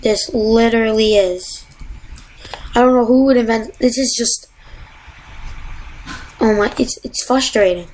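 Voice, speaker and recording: Woman gamer, fairly high voice, exasperated and excitable commentary, faint room hum behind. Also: measured pace, pauses often, poor audio. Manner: exasperated, excitable, yelps and gasps. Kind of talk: casual gameplay commentary. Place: home.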